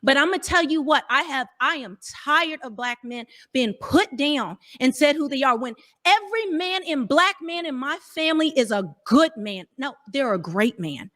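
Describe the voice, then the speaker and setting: High-voiced woman, heated and defensive. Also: expressive, normal speed, hardly any pauses, a bit bright. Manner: defensive, talks over others. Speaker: dating coach. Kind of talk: heated panel debate.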